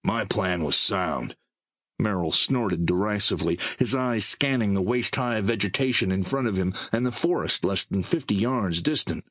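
A man reading an audiobook in scripted, expressive narration. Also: fairly low pitch, moderate pace, few pauses, dry recording, clean studio sound.

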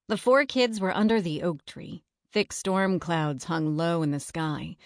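A woman reading a children's storybook aloud in an even, steady manner. Her voice sits low for a woman. The recording is dry and close with no room sound. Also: unhurried, few pauses, dry recording. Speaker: narrator.

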